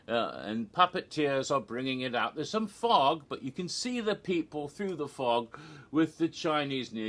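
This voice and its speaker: A man casually recounting a theme-park show in an animated, gossipy way with giggles. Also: medium pitch. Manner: animated, gossipy, giggles at his own jokes. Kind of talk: casual recap narration.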